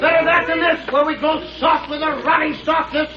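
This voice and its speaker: An actor playing a defiant male miner shouting from a crowd, in 1940s radio acting. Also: very high voice, level tone, brisk, lo-fi sound, a little hiss or hum. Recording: echoey old radio with loud crowd.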